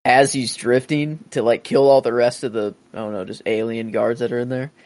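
A podcast co-host describes a film scene during a casual movie discussion, rambling and hesitating with many fillers. His voice is medium-pitched and a little mellow, with a steady tone and a slightly fast pace. There is no echo.

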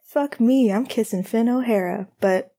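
Woman doing an earnest, gentle young man. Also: medium pitch, brisk, close to an everyday voice. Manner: soft, hesitant, candid.

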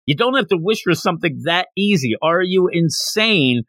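A man's voice: sits high, expressive, normal speed, fairly bright tone, no echo, clean studio sound, pitched above the performer's own voice, heavily acted. A man voicing an exasperated, whiny pig man who pleads and rants in disbelief. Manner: pleading, incredulous rant.

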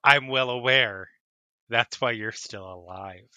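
Bright-voiced man running a tabletop game. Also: medium pitch, slow pace, no echo. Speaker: dungeon master.

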